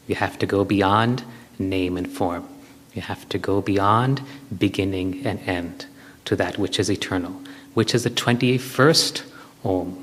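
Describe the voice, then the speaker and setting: Man, low voice, patient spiritual lecturer, echoing hall. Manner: explains step by step with everyday examples. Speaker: spiritual speaker. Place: hall with an audience.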